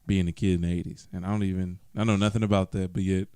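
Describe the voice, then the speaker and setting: Low-ish guy rambling and chuckling on a podcast, dry close mic. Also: level tone, fast, dark tone, clean tone, dry recording. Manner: laid-back, chuckling, rambling. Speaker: podcast co-host. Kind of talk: casual chat.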